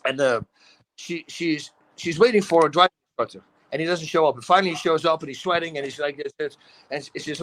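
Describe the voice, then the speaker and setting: A middle-aged man with a Dutch accent, telling animated stories in a casual talk show. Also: on the high side, quick pace, slight background noise, poor audio. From Netherlands. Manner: animated storytelling, acts out quotes, laughs often. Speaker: guest. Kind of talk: casual storytelling.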